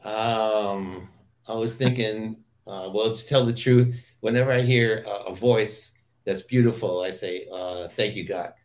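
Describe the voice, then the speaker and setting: Man musing in a lower voice. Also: fairly even intonation, unhurried. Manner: rambling, reflective storyteller with many fillers. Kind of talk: casual chat.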